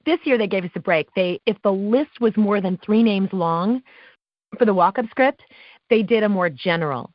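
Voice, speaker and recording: A woman's voice: mid-range voice, moderate pace, no echo. Woman announcer chatting on a podcast, dry dull sound, tells stories with lots of life. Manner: animated, acts out quotes, laughs often. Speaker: guest, live awards show announcer. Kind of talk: casual interview storytelling.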